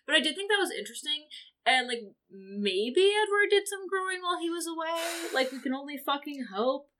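A chatty woman in a relaxed podcast conversation, giggly and peppered with fillers and swearing. Her voice is fairly high and very bright and sharp. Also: a little fast. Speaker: podcast co-host. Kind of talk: casual book-discussion chat.

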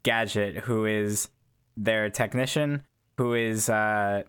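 Smooth-voiced man rambling through explanations. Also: fairly low pitch, steady tone, slow pace, a bit bright. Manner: rambling, hedging with fillers. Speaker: player. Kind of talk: actual-play podcast chat.

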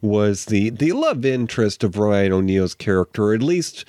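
Male co-host, informative, steady, uh-filled delivery, dry sound. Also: on the low side, moderate pace, no room sound. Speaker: co-host of a movie watch show. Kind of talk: casual chat.

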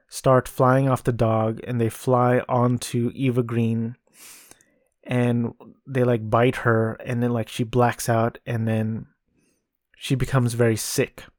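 Guy slowly rambling about a movie on his podcast, lots of ums, dry sound, mid pitch. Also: a little mellow, dry recording. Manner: hesitant, many ums and restarts. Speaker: podcast host. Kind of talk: casual film review.

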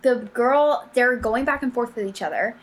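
A woman's voice: fairly high pitch, moderate pace. A young woman co-hosting a podcast, chiming in casually with laughs and swearing. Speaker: podcast co-host. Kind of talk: casual chat.

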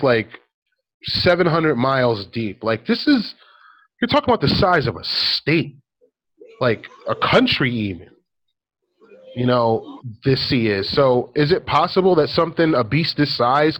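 A man's voice: mid-range voice, fairly bright tone, low-quality recording. A man chatting casually on a podcast, telling a story with lots of ums and likes. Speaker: podcast co-host. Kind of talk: casual chat.

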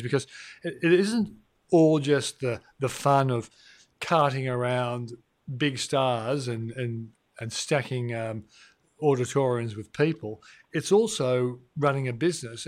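A man's voice: mid-range voice, dry recording, clean studio sound. A man hosting an interview, asking probing conversational questions. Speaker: host.

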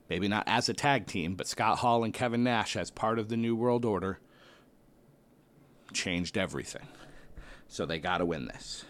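Lower-pitched man musing aloud. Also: unhurried. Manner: musing, weighing options aloud with sudden excited outbursts; self-deprecating, playful asides. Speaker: host ranking a wrestling tag team bracket. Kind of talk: casual commentary, thinking aloud.

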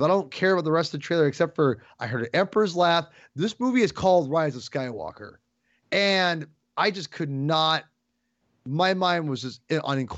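Excitable rambling man, dull dry sound. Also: on the high side, no room sound. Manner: excitable, rambling with many restarts. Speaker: podcast guest. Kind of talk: casual chat.

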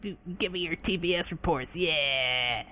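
A man's voice: fairly high pitch, a little slow, pushed and bright, a little hiss or hum, pitched above the performer's own voice. A man voicing a cocky, sneering male CEO version of a cartoon hedgehog. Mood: smug.

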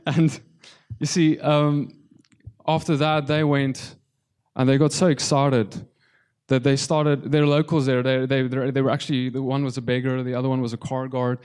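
Speaking to a congregation, a man delivers a tearful testimony sermon, pausing and repeating himself. His mid-range voice has a level, darkish, clean tone.

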